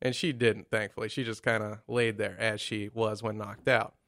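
A man's voice: lowish voice, flat delivery, normal speed, creaky, a bit bright, no echo. A man telling a crude story in casual chat, sarcastic and profane, often putting on the voices of the people in it.

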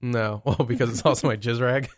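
A man's voice: medium pitch, fairly even intonation, brisk, no echo, studio quality. A man hosting a crude, casual chat, blunt and teasing, swearing freely.

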